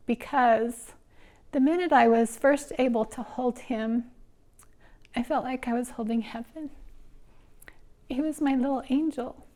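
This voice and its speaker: A middle-aged woman telling her personal story in an earnest, emotional way, her voice going soft and breathy at the tender moments. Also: on the high side, unhurried, pauses often. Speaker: interviewee, nonprofit founder and mother. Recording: soft music underneath.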